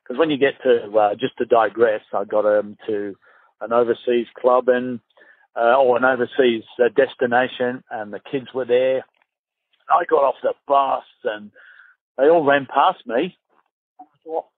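Recounting tales from his football days, an Australian man in his fifties animates the quoted voices in a relaxed storytelling interview. He talks at a medium pitch and normal speed over a thin, phone-like, echo-free recording.

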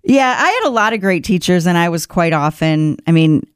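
A woman's voice: fairly low pitch, lively intonation, a little fast, clean tone, dry recording, clean studio sound. A woman co-hosting a talk show, telling a childhood story in a chatty, self-mocking way. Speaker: radio show co-host. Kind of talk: casual chat.

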